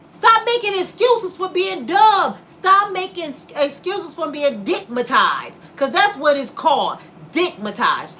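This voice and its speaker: A woman's voice: high voice, bright, forceful tone, slight background noise. A woman in her fifties who hosts her own vlog and delivers a sassy, preachy comedic rant straight at her viewers. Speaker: vlogger host.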